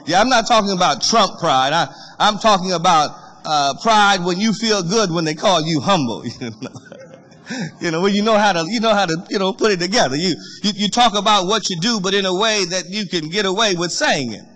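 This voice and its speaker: A man preaching a sermon, animated, repeating words and calling out to the congregation. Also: high voice, fairly quick, low-quality recording. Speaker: pastor.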